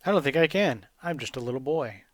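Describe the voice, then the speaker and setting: A man's voice: fairly high pitch, lively intonation, fairly quick, dry recording, clean studio sound. A man doing a whiny little boy hero. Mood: whiny exasperated. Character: naive, whiny seven-year-old boy hero.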